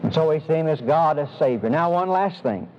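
High-voiced preacher, emphatic and deliberate. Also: male voice, expressive. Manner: emphatic, slows and stresses key phrases. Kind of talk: sermon. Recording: dull lo-fi sermon recording with faint hiss.

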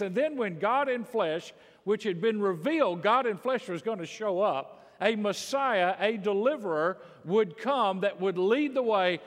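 A man's voice: high-pitched, big-room sound. A middle-aged male pastor preaching a sermon emphatically, with quips and asides.

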